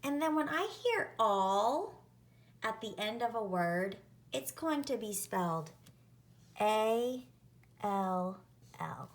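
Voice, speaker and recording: A woman teacher leading an early-reading spelling lesson, sounding out words and letters deliberately. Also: medium pitch, sing-song.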